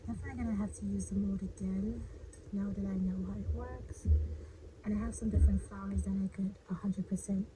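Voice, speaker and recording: A woman's voice: mid-range voice, steady tone, a little fast, background noise. A young woman narrating her craft project in a chatty, self-deprecating way, sometimes dropping to a whisper. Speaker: crafting vlogger.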